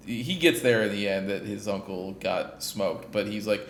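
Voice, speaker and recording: A man's voice: on the low side, steady tone, a little slow, hardly any pauses, a little hiss or hum. A man hosting a gaming podcast, casually recapping a game in a rambling way, in a roomy echoey space. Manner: rambling, lots of fillers and restarts. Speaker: podcast host. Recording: roomy echo.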